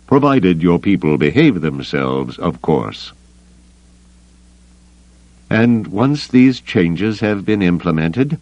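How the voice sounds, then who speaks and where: A man voicing a cold, calculating grand admiral who speaks in a measured, controlled way. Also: low-pitched, a little mellow, no echo, highs cut off, heavily acted.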